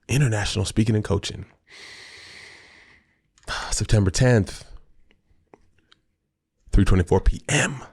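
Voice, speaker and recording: A man's voice: fairly low pitch, a little slow, long pauses, a little mellow, no echo, studio quality. A middle-aged man hosting a casual solo video diary, talking in a playful, rambling way to himself. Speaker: host.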